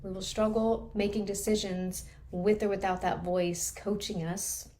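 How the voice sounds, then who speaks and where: A woman's voice: mid-range voice, steady tone, measured pace, dark tone. A woman trauma recovery coach teaching a live class, explaining in an earnest, patient way.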